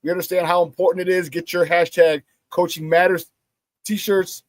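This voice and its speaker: A man hosting a casual sports talk show plugs merchandise and tells stories, performing the quotes with animation. He has a high voice and a moderate pace. The recording is dry.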